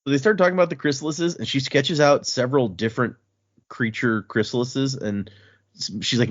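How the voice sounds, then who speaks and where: A man's voice: medium pitch, a little fast, muffled recording. A man co-hosting a podcast, casually and animatedly retelling book chapters with chuckles and loose fillers. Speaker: podcast co-host.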